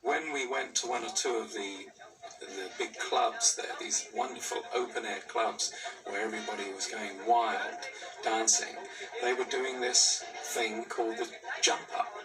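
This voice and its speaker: A man in an interview recounting past events in a relaxed, storytelling way. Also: medium pitch, unhurried. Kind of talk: interview recollection. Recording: distant archive interview with music.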